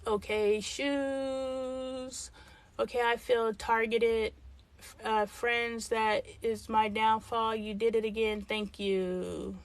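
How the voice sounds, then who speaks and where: A middle-aged woman answers comments from her livestream viewers slowly, in a slightly high voice with a level tone. It's casual chat in which she speaks candidly and thinks out loud.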